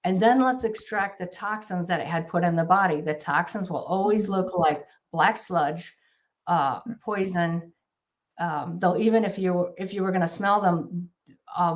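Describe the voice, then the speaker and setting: Earnest woman, halting on a video call. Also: fairly low pitch. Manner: earnest, halting, many restarts. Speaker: guest exorcist. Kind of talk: casual interview talk.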